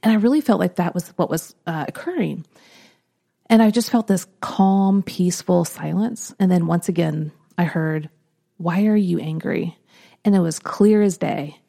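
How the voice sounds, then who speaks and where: A woman hosting a podcast, telling a personal story in an earnest, reflective way, often trailing off softly. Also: lowish voice, creaky. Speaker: podcast host.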